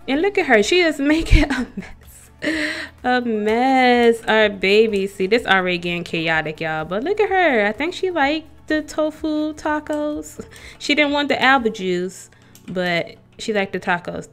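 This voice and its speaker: Chatty woman narrating her game. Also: mid-range voice. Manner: chatty, talks to the game characters and viewers. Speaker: let's play host. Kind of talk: casual gameplay commentary.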